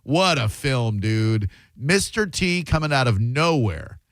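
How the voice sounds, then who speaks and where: A man's voice: mid-range voice, big pitch swings, takes it slowly, a bit bright, dry recording. A man hosting a radio show, riffing animatedly in comedic studio banter. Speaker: radio host. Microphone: studio microphone.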